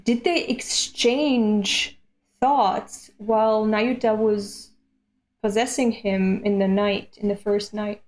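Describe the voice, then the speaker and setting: A woman from Europe streaming a manga read-along, reacting aloud with animated, profane rants. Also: mid-range voice, takes it slowly. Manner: animated, swears freely, rants at the page.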